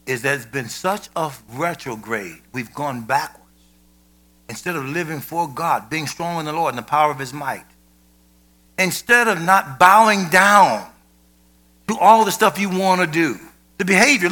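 A man preaching a sermon with emphasis, rising to shouted peaks and dropping to low, quiet asides.

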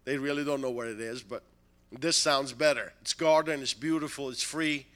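A man preaching a storytelling sermon, animated, with broken-English phrasing and frequent chuckles. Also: medium pitch, normal speed.

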